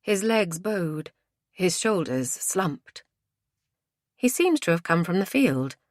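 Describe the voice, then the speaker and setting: A woman with a low voice reads an audiobook in steady, measured narration. The recording is dry and close, with no room sound. She keeps an even, unhurried delivery. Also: no room sound. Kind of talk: scripted narration.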